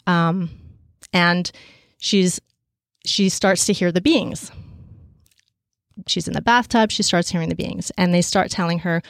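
A woman telling a story casually and with energy, with many fillers, and raising her pitch to act out the people she quotes. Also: dry recording, studio quality. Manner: animated, acts out quoted voices at a higher pitch.

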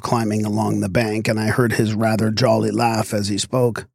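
A male narrator reading a literary tale in measured, expressive tones. His voice has a gravelly texture. The audiobook recording sounds dry and close, with no room behind it. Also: lowish voice, dry recording.

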